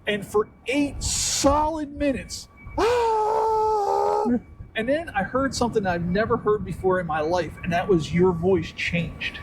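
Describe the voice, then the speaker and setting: A brash, crude man with a high-pitched voice chats casually as a podcast host. He is recorded outdoors while walking, with steady traffic and street noise behind him. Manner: brash, crude storyteller doing silly put-on voices. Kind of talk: casual chat.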